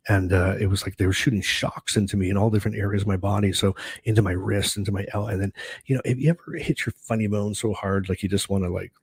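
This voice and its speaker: A man's voice: on the low side, fairly even intonation, fast, husky. A middle-aged man hosting his own video, telling a personal story in a rambling, chatty way full of fillers and restarts. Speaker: host.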